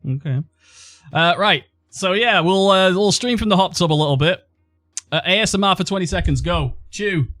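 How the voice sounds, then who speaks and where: A man's voice: high voice, normal speed, a bit bright, dry recording, clean studio sound, faint music behind. A man streaming casually, sarcastic and joking, jumping between topics.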